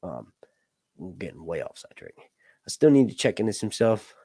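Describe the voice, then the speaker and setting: A low, dark, slightly rough male voice, very animated and at a normal pace, belongs to a YouTube host on a casual livestream. The recording is dry and studio quality, and he rambles and jokes, often stopping mid-sentence and swearing offhandedly.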